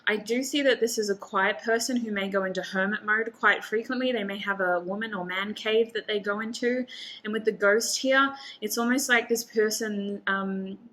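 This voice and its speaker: A woman's voice: mid-range voice, moderate pace, fairly bright tone. A woman giving a casual tarot reading to the camera, chatty and thinking aloud as she lays out cards, with frequent laughs. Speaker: tarot reader.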